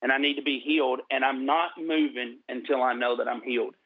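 A middle-aged man telling his personal testimony in an interview, earnest and slowing down for emphasis. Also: medium pitch, steady tone, no echo. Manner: earnest storytelling, slows for emphasis. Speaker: guest sharing testimony. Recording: tinny phone-like line.

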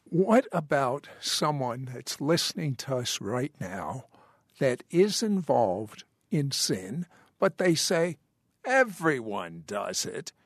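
Gravelly host guy asking slow questions, dry close mic. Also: mid-range voice, big pitch swings, no echo. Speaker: interviewer host. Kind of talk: interview questions.

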